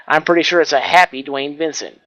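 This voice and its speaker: A man's voice: on the high side, a little fast, pushed and bright, no room sound. Folksy race commentator man, lo-fi mic. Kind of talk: broadcast commentary. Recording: dull, lo-fi dry mic.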